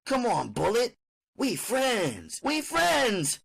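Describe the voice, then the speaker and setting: A man voicing a strung-out middle-aged mother who begs and teases in a high, sing-song voice. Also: huge pitch swings, slow, gravelly, fairly bright tone, slightly rough, full character voice. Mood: wheedling.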